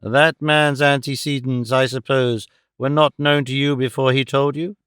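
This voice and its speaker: A male audiobook reader voicing a stern, cold older mother who speaks in a severe, measured and reproachful way. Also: mid-range voice, fairly even intonation, a bit bright, smooth, no room sound, studio quality, lightly acted. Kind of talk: audiobook character voice.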